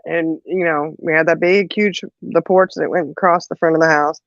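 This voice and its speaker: A woman's voice: sits low, moderate pace, no echo, highs cut off. A woman telling a family story in a casual chat, laughing often and acting out the voices of the people in it. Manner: animated, laughs often, acts out quoted voices. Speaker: podcast co-host telling a story.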